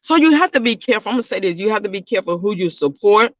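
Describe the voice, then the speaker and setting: High-voiced man, loose casual vlog talk. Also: animated, rapid-fire, a bit bright, no room sound, dull audio. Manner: rambling, repeats himself, talks straight to viewers. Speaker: YouTube reaction channel host.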